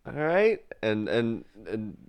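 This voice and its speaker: A man co-hosting a comedy podcast, playfully improvising a silly story with quick asides. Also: medium pitch, big pitch swings, gravelly, smooth.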